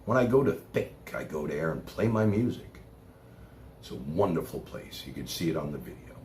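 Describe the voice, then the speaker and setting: A man from Brooklyn with a New York accent, livestreaming a rambling monologue from his chair, swinging from loud outbursts to low mutters and cursing freely. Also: sing-song, moderate pace. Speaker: live streamer. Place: home room, seated in chair. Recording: roomy echo, faint background noise.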